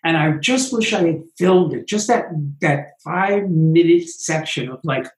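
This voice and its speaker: A man, a Broadway producer, telling animated stories in an interview and acting out what others said. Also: a little high, unhurried, roomy sound, rough recording. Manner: animated anecdotes, acts out quotes. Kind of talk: interview storytelling.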